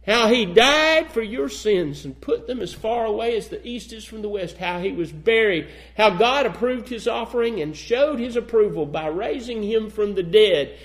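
A man's voice: sits high, expressive, normal speed, hardly any pauses. A man preaching a sermon, reading old-fashioned scripture aloud and then pressing his points with rising emphasis.

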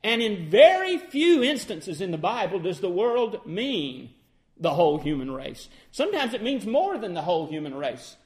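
Male preacher, sermon, high voice, measured scripture quoting, emphatic declarations. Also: big pitch swings, a little mellow. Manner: rises to emphatic declarations, then drops low and slow; quotes old-style scripture wording in a measured cadence.

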